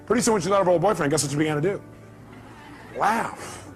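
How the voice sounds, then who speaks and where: A man delivers a motivational seminar with a high-pitched, emphatic voice. He keeps firing rhetorical questions at the crowd, and soft music plays underneath. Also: fast talker. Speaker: motivational speaker. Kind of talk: live seminar talk.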